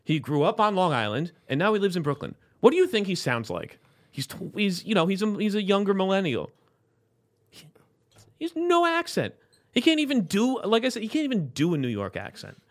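A man from South Florida hosting a casual chat show, talking in an animated, rambling way with many restarts. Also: high voice, brisk. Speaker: podcast host.

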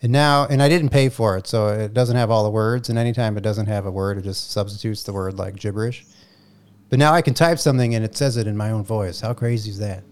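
A man's voice: on the low side, fast, a little mellow, clean tone. Guy cohosting a pod over a video call, loose and rambly, swears a lot. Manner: laughing, rambling, swears freely. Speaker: podcast co-host. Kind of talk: casual chat.

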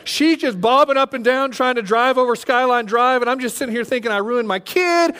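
A man in his thirties preaching, telling a story with lively, animated delivery and acting out his own panic. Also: very high-pitched, moderate pace. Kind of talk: sermon storytelling.

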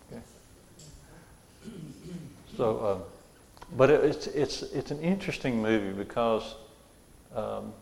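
Male preacher, gravelly mid-pitch voice, chatty sermon style, church reverb. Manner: conversational, repeats and restarts phrases.

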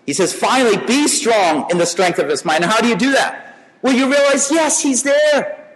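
Male preacher, high animated voice, chatty sermon delivery, hall reverb. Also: moderate pace. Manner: conversational, repeats and restarts words.

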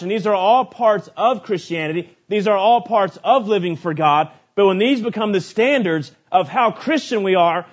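A man preaches a sermon in a notably high voice. He swings from rising, shouted lists to quiet, low asides. The recording sounds dull and lo-fi.

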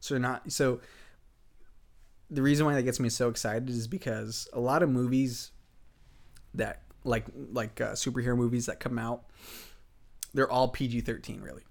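A man's voice: medium pitch, steady tone, normal speed, creaky, long pauses. A man hosting a casual podcast, talking enthusiastically with lots of fillers and restarts. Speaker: podcast host.

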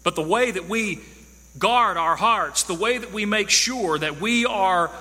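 Male preacher, high and very bright tone, emphatic and repetitive delivery, hall reverb. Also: a little slow. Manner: emphatic, repeats key phrases for stress. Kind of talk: sermon.

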